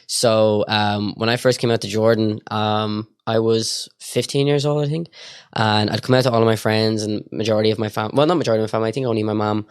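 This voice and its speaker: A young man with an Irish accent, a guest telling stories casually, quick and full of fillers and acted-out dialogue. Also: fairly low pitch, steady tone, smooth, no echo, clean studio sound. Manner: rapid, filler-heavy storytelling full of quoted dialogue. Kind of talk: casual storytelling.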